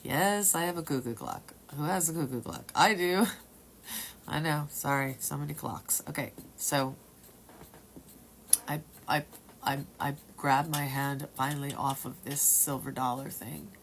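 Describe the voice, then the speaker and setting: A woman at home telling a personal story in a rambling, halting way, sometimes dropping to a whisper. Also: sits low, creaky, a little hiss or hum. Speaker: testimony speaker.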